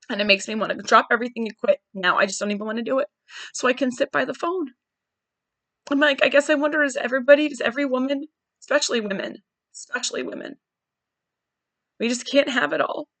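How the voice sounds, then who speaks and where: A woman's voice: on the high side, quick pace, fairly bright tone, dry recording. A woman in her forties hosting a podcast, candidly thinking aloud in a searching, wry monologue. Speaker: podcast host. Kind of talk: personal reflective monologue.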